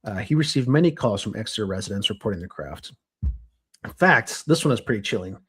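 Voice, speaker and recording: A young adult man co-hosting a podcast, telling a story from his notes in a lively, casual way with frequent restarts. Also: lowish voice, a little fast, slightly rough. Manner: animated, restarts and self-corrections. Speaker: podcast co-host.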